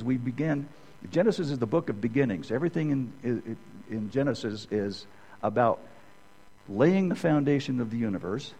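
A man's voice: mid-range voice, a little mellow, poor audio. A middle-aged man teaching a conversational sermon, rambling through personal stories and often checking in with "okay?". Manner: rambling, keeps asking "okay?". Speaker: Bible teacher.

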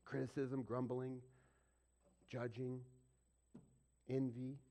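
A man preaching a sermon as pastor, swinging between loud, emphatic peaks and hushed whispers. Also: mid-range voice, lively intonation, moderate pace, pauses often.

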